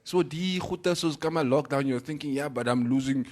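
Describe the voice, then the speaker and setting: A man's voice: a little high, moderate pace. A man with a Namibian accent hosting a casual morning radio show, laughing often and reading out listener comments. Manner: laughing, mixes English and Afrikaans, reads listener comments. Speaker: radio host.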